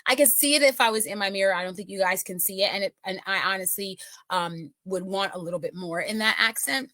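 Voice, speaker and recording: A woman's voice: mid-range voice, fairly quick, pushed and bright, no echo. A middle-aged woman giving a casual makeup tutorial, chatting with viewers and often checking in with them. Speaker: makeup consultant.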